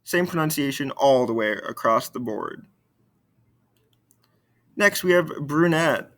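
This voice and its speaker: A man teaching a recorded French lesson, slowly modeling words for students to repeat. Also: mid-range voice, animated, fairly bright tone. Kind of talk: recorded video lesson with repetition drills.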